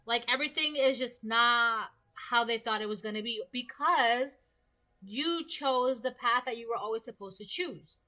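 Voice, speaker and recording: A woman talks her viewers through a tarot reading in a casual, earnest way. Her voice sits a little high and sounds bright and forceful. She keeps repeating points and checks in with "okay?" as she goes. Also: normal speed. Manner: earnest, repetitive, punctuates with "all right?" and "okay?". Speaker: tarot reader.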